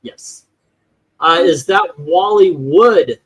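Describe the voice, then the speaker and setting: A man's voice: a little high, very slow, a bit bright, breathy edge, poor audio. A man hosting a casual livestream chat, reading viewer comments and scores aloud with many fillers. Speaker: host.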